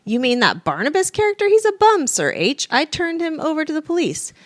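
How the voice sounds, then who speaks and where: A woman voicing a brash, greedy male fox who barks orders in a loud, high voice for a storybook. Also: wildly swooping pitch, fairly quick, no echo, studio quality. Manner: shrill, bossy, loud.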